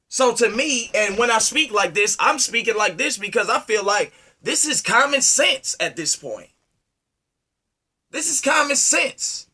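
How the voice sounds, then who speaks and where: Man, preachy monologue, confrontational, high voice, bright tone. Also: slightly rough. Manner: preachy, confrontational, asks rhetorical questions; wide swings from loud to low. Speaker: speaker addressing his community. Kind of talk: impassioned monologue.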